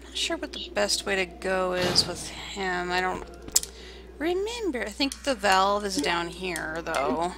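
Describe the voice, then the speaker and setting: A young woman playing a video game on stream, talking through it in a relaxed, musing way. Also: lowish voice, measured pace, noisy background. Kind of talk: let's play commentary.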